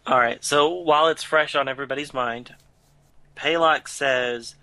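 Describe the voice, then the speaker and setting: Podcast guy musing over details, bright sharp voice. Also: mid-range voice, moderate pace, dry recording, poor audio. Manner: thoughtful, questioning, a few restarts. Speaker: podcast co-host. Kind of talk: casual chat.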